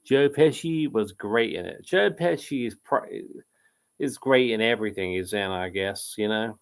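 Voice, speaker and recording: Rambling chatty man, gravelly voice. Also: on the low side, measured pace. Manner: rambling, self-interrupting, laughs often. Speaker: live quiz host reading chat comments. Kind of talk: casual live-stream chat.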